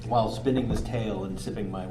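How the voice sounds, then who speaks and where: A man's voice: fairly low pitch, fairly even intonation, fast talker. A man playing a tabletop game, describing his character's actions in a wry, playful way. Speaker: player. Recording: echoey room with clear noise.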